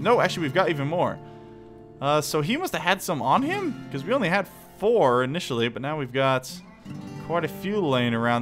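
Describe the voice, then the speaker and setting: A man hosting a let's play, giving chatty, excitable commentary while he builds and fights. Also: a little high. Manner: excitable and chatty, laughs and exclaims. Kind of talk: casual gameplay commentary.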